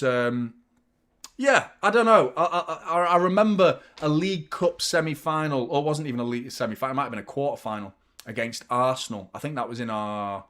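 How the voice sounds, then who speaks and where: A young adult man hosts a live football watchalong for his fan channel, chatting casually, reacting to the play and thanking viewers by name. His voice is mid-range with a fairly bright tone.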